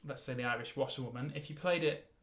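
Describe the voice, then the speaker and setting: A man teaching a mandolin lesson, explaining in a relaxed way and counting the beats aloud. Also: medium pitch, fast talker. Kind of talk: casual music lesson. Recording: roomy sound with mandolin playing.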